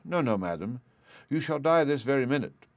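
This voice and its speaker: A man's voice: mid-range voice, very animated, normal speed, dry recording, voice pushed up. A man voicing a cruel, raging husband who bawls threats, in a storybook reading. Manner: bawling, threatening.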